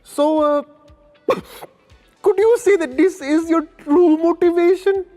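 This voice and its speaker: A man's voice: very high-pitched, takes it slowly, warm tone, soft background music, pitched above the performer's own voice. A man voicing a chummy, emotional male interviewer who keeps tacking on "huh?". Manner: chatty, keeps adding "huh?" and "bro".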